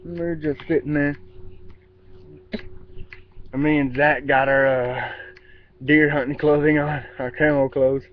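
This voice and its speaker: A man's voice: fairly high pitch, level tone, a little slow, long pauses. A man telling a rambling story outdoors in casual vlog style, with restarts and mimicked sound effects. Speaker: vlogger. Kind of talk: casual spoken anecdote. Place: outdoors in a yard. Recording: dull lo-fi with faint outdoor ambience.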